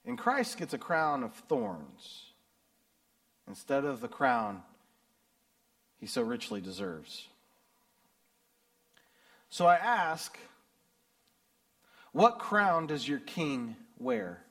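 A middle-aged American man preaching a sermon and reading scripture, swinging between loud emphasis and hushed, low passages. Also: sing-song, drawn-out words, gravelly, pauses often. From United States. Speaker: pastor.

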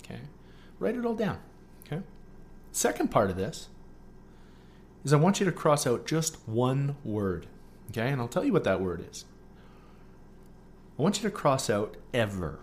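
A man's voice: mid-range voice, sing-song, normal speed, pauses often, slight background noise. A man hosting a solo podcast, coaching listeners through a writing exercise with frequent "okay?" check-ins and playful asides. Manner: playful asides mixed with earnest teaching. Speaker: podcast host.

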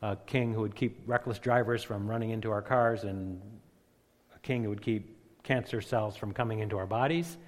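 A man's voice: fairly low pitch, steady tone. Preacher man in an echoing hall. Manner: builds to loud emphatic peaks, slows on key phrases. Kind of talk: sermon. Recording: long echoing reverb of a large hall.

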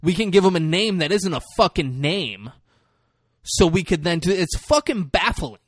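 Here a man with a high, expressive voice co-hosts a podcast, retelling a movie's story at a moderate pace with plenty of profanity and impressions of its characters. The chat is casual, and the studio recording is clean with no echo.

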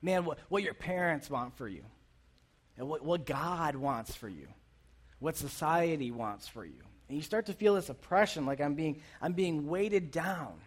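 Youth pastor, man, high voice, chatty sermon that keeps asking the crowd questions. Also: animated, unhurried, breathy edge. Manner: conversational, asks the audience questions. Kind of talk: casual sermon.

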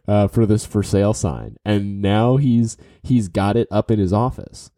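A man's voice: lowish voice, normal speed, few pauses, mellow, no room sound, studio quality. A man telling a casual story full of fillers and restarts, giving tips to business listeners. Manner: rambling, with many fillers and restarts.

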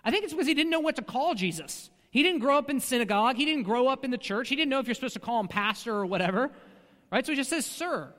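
A man's voice: very high-pitched, expressive, fast, a bit bright, big-room sound. A man preaching a sermon as a pastor, talking in a conversational way with frequent rhetorical asides.

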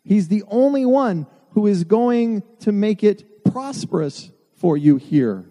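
A man's voice: high voice, animated, takes it slowly, dark tone. A man preaching a sermon to his church, earnest with self-deprecating asides. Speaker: pastor. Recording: long hall reverb.

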